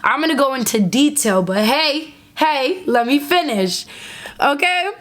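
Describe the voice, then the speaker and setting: A woman's voice: sits high, expressive, measured pace, a bit bright. A young woman talking candidly to her phone camera, giving emphatic, repetitive self-help advice and acting out quoted voices. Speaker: content creator.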